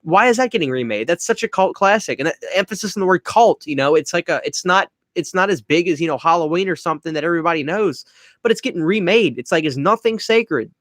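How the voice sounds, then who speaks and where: A young Cajun man from Louisiana chats through a live Q&A, reading out viewers' names and rambling loosely between answers. His voice sits a touch high for a man, and the sound is dry and close with no room around it. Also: quick pace, dry recording. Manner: relaxed, rambling, reads chat names aloud. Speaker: livestream host answering chat. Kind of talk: casual live Q&A chat.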